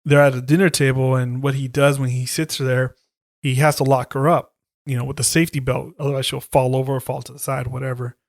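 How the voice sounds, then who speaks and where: Profane animated male horror podcaster. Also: mid-range voice, fairly quick, creaky, no room sound, clean studio sound. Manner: animated storytelling, heavy swearing, acts out lines. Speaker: podcast co-host. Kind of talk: casual chat, retelling a horror movie.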